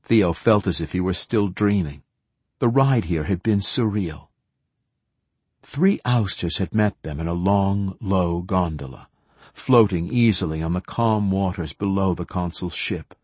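Husky, low-voiced male audiobook narrator. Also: a little slow, a little mellow, dry recording.

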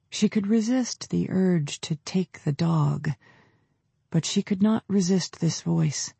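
A man narrating an audiobook in a measured, descriptive storytelling manner. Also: high voice, vocal fry, mellow, slightly rough, no room sound. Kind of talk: scripted narration.

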